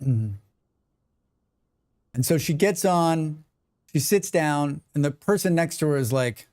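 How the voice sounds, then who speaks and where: Excitable, sweary male game streamer. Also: fairly high pitch, unhurried, no room sound, clean studio sound. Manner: excitable, swears freely, chats with viewers. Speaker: livestreamer. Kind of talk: casual gaming livestream chat.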